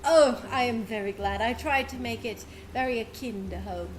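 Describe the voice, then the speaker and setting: A woman's voice: on the high side, normal speed, noisy background, close to an everyday voice. Woman playing a gracious genasi bathhouse owner. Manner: courteous, businesslike. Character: polite male water genasi bathhouse owner.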